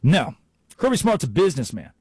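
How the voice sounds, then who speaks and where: A man's voice: on the high side, brisk, slightly rough, no echo. A man hosting a sports radio show, delivering an opinionated talk monologue with mocking bits. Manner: animated, mocking impressions.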